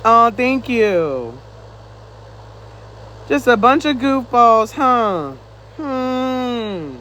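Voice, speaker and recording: A man's voice: very high-pitched, big pitch swings, very slow, pushed and bright, a little hiss or hum, rough recording. A man chatting casually on a live stream, reading viewer comments and teasing back, a little winded.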